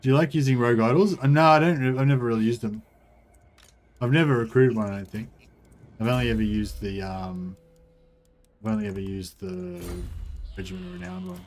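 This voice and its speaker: A man livestreams a strategy game and talks in a loose, rambling way. He chats with his viewers as he plays and swears casually. His voice sits at a middle pitch. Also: fairly quick, pauses often, darkish tone. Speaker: game streamer.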